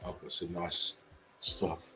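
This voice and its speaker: A man's voice: sits low, completely flat delivery, slow pace, bright, forceful tone, slight background noise, poor audio. A man hosting a casual livestream, talking bluntly, swearing and chuckling often. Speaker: channel host.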